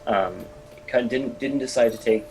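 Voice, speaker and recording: A man giving color commentary on a video game match in a measured, analytical way, with hesitant fillers. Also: medium pitch, a little mellow, rough recording.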